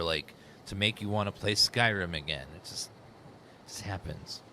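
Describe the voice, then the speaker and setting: Rambling and chatty, a man talks to his chat while casually commentating a game for a let's play stream. His voice is fairly low and unhurried, and the recording has a little hiss or hum, with game audio loud beneath him.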